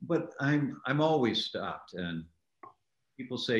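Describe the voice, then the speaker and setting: An older man, a doctor and author, telling stories in a relaxed interview and acting out the lines he quotes. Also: a little high, unhurried. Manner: animated storyteller, acts out quoted lines. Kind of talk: conversational interview storytelling. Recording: echoey room.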